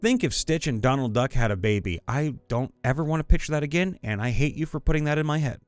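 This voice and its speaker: Man, voice-over narrator, scripted story reading, animated pitch, faint background music. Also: quick pace, clear, resonant tone, dry recording. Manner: lively reading, dips into put-on voices. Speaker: narrator reading viewer stories.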